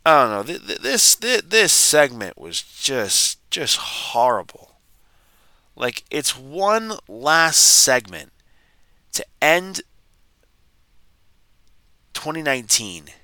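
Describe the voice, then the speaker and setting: A man's voice: mid-range voice, sing-song, slow, pauses often, sharp tone, no room sound. A man hosting a podcast, retelling a wrestling segment in a rambling, exasperated way with frequent restarts. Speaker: podcast host. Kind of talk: casual wrestling recap.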